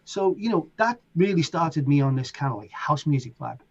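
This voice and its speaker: A middle-aged man with a Liverpool accent chats as an interview guest, spinning his stories with lively energy and acting out voices and sounds along the way. His voice sits a touch high and has a husky grain. The recording sounds dull and lo-fi. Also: normal speed. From England. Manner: animated, acts out voices and sounds in anecdotes. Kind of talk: casual storytelling.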